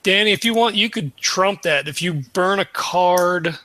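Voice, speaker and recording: Male player, bright and fairly high voice, loose chatty delivery. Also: moderate pace. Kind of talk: casual tabletop play.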